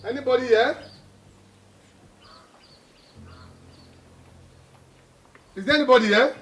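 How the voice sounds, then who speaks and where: A man's voice: medium pitch, big pitch swings, moderate pace, breathy edge, soft background music. An actor playing a remorseful father who pleads with his grown children, speaking with sudden emotional outbursts.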